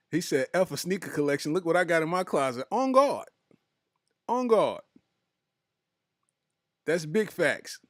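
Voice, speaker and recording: A man's voice: on the high side, normal speed, no echo, clean studio sound. A man hosting a comedy podcast, reading his live chat aloud in loose, slangy talk and breaking into laughter often.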